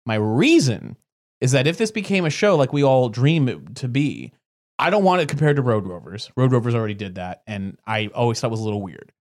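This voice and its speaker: A man in a casual creative discussion about a show he is developing, talking in an animated, opinionated way and laughing often. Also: mid-range voice, fairly quick.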